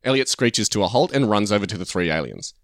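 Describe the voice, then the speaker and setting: A man's voice: fairly low pitch, very animated, quick pace, no echo, studio quality. Playful man spinning a story. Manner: playful storyteller, chuckles often. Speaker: podcast co-host. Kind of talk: casual chat, pitching a story.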